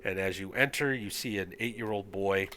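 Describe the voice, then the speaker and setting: A man narrating as game master of a tabletop game, halting with lots of fillers. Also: on the low side, sharp tone, a little hiss or hum.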